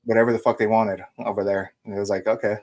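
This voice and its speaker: A young man from Denver, co-hosting a casual podcast. He talks in a relaxed, profane way and laughs at his own stories. His voice sits somewhat low. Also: fast talker. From Denver, USA. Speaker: podcast co-host. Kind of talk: casual storytelling chat.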